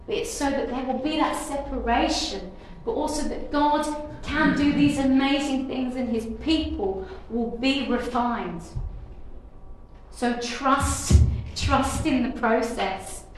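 A woman's voice: high-pitched, takes it slowly. A woman giving an earnest, declarative devotional message, often repeating and restarting her phrases. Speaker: preacher. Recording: very echoey room with faint noise.

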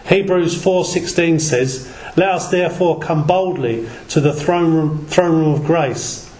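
A man delivers a sermon to a small group, reading scripture at an unhurried, careful pace and stumbling over a word now and then. His voice sits a little high for a man. The recording is echoey, with a faint hiss underneath. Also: darkish tone. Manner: slow, deliberate reading with stumbles and self-corrections. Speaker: lay preacher. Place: small gathering in a reverberant room.

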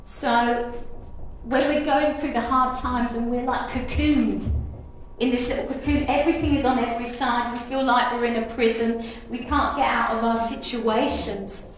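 In a very echoey room with faint noise, a female preacher delivers a sincere devotional message in a declarative style, frequently restarting and repeating phrases. Her pitch is fairly high, her tone steady, and her speed normal.

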